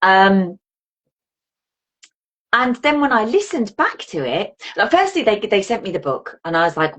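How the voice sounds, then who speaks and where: A woman's voice: medium pitch, moderate pace. A woman guest on a podcast, chatting casually and acting out her own reactions as she tells a story. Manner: animated, acts out her own reactions in quotes. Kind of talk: casual chat.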